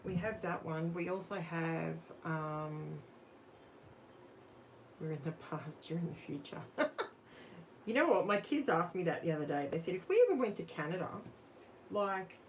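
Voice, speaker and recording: An Australian woman chats her way through a live crafting session, talking to her viewers as she works. She speaks slowly in a somewhat low voice. A faint hum of background noise sits under her voice. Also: rough recording. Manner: chatty, talks to viewers while working. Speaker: crafting livestream host. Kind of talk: casual live crafting chat.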